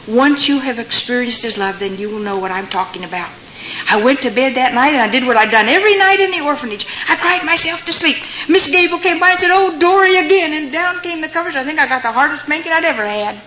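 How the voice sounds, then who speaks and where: An older woman gives her personal testimony to an audience, telling stories and acting out the voices of the people in them. Her voice is high-pitched, bright and forceful, and she talks fast. The recording is dull and lo-fi, with faint noise.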